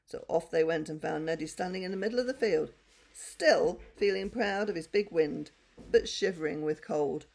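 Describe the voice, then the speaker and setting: Older woman reading a bedtime story, gravelly. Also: on the low side, moderate pace. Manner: gentle, expressive, talks to children.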